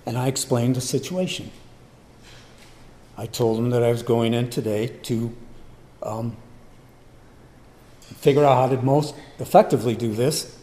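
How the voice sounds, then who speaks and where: An older man telling a personal testimony in an unhurried way, acting out remembered conversations. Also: medium pitch, steady tone, warm tone. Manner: unhurried, acts out remembered dialogue. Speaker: storyteller. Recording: long hall reverb, faint ambience.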